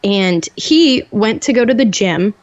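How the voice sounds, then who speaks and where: A woman's voice: mid-range voice, animated, measured pace, muffled recording. Chatty young woman podcast co-host. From Chicago suburbs. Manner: chatty, rambling storytelling with many fillers. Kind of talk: casual chat.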